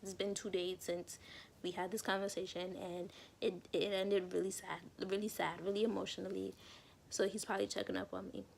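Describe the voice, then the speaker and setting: A woman's voice: mid-range voice, fairly quick, gravelly, slight background noise. A young woman casually telling a personal story to camera, acting out quotes of herself and others. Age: young adult. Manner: chatty, quotes herself and others in lively asides. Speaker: vlogger.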